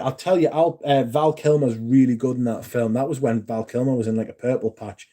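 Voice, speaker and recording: A man hosts a casual livestream. His voice is mellow and dark, and he rambles along in a chatty, loose way, swearing freely. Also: mid-range voice, fairly even intonation, moderate pace, few pauses. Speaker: livestream host. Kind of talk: casual chat.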